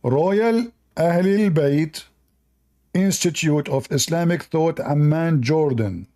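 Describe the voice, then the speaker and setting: A man hosts a live debate stream, teasing callers in a mocking, animated way. His voice is gravelly and dark, and it sits a little high for a man. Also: slow. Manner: mocking, animated, non-native English phrasing.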